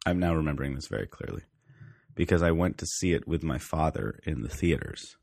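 Very deep-voiced man in casual podcast chat. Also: animated, fairly quick, gravelly, darkish tone, dry recording, studio quality. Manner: rambling, self-correcting, with frequent restarts. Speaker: podcast co-host.

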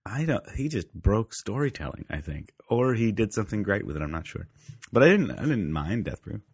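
A man's voice: lowish voice, sing-song, a little fast, husky, no echo. A man co-hosting a podcast, chatting casually about films in a rambling way and often restarting his sentences. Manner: rambling, self-correcting, with frequent restarts. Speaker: podcast co-host. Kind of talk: casual film chat.

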